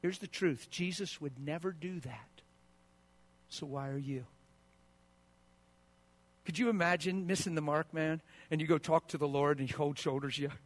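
A man pastor preaching a sermon, swinging between hushed asides and loud bursts and acting out the quoted voices of spouses. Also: fairly high pitch, normal speed, long pauses.

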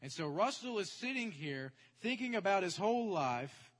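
A man preaching, telling a testimony story in an animated, chatty way and checking in with his audience. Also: high voice, moderate pace. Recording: echoey hall.

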